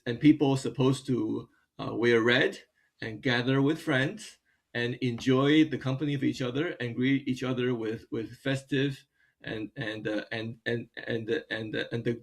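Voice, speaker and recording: Halting man guest, gravelly voice. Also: mid-range voice. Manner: halting, many fillers and restarts. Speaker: dance company director, guest. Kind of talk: interview answers.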